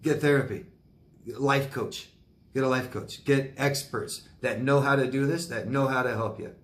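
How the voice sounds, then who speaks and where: A male life coach of middling pitch gives blunt, emphatic advice to viewers. He says his key points again and again and mixes in sympathetic sighs and exclamations. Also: moderate pace, a bit bright. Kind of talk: answering viewer questions on video.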